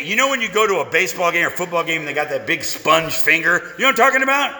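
A man with a bright, sharp, forceful voice tells his recovery story to a live audience with animated, profane comic timing. He sits a little high in pitch for a man. The sound carries a long, echoey hall reverb. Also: quick pace, hardly any pauses, a faint crowd, slight background noise. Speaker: speaker sharing at a recovery meeting.

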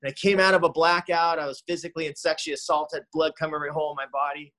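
Guy telling his recovery story, kinda high voice, talks like he's just chatting, says man a lot. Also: level tone, very fast, sharp tone, poor audio. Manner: earnest, conversational, with frequent "man" and "you know". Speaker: speaker sharing a recovery story. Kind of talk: recovery talk testimony.

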